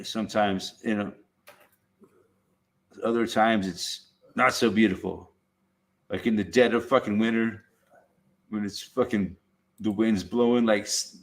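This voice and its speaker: A man's voice: fairly low pitch, vocal fry, a bit bright. Laid-back man swearing in casual chat.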